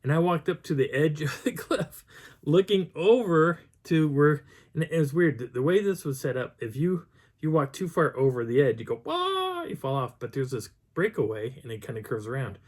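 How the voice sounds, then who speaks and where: A man's voice: on the high side, normal speed, darkish tone. A man telling a rambling story about a mountain hike, with many restarts, stopping to act out the voices of people he met. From Colorado high country. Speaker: Bigfoot researcher telling a field story. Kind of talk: casual storytelling.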